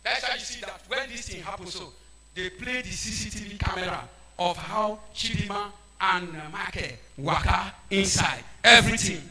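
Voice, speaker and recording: A man with a Nigerian accent preaching a sermon, shouting and switching into Pidgin. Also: sits high, moderate pace.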